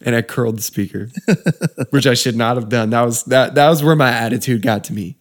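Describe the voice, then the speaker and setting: A man's voice: mid-range voice, steady tone, fast talker. Laid-back young man telling a story. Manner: laid-back, says dude and you know a lot. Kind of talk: casual storytelling chat.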